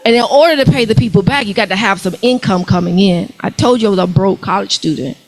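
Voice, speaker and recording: Female workshop speaker, young adult, lively preachy delivery working the room. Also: mid-range voice, quick pace, low-quality recording. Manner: animated, preachy, calls out to the crowd. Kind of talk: motivational talk to a live audience.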